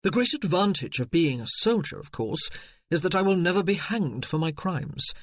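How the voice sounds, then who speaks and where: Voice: mid-range voice, animated, moderate pace, no room sound, close to an everyday voice. A narrator reading the lines of a bitter young Regency army officer in a grim, sardonic, clipped way, close to the narration voice. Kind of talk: audiobook character reading.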